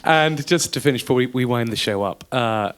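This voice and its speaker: A man's voice: mid-range voice, a little fast, fairly bright tone, smooth. A man hosting a live podcast in a pub, asking teasing questions and reading a sign-off. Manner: playful, teasing questions, then a scripted sign-off. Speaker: podcast host. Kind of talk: live podcast interview and outro. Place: pub venue before a live audience.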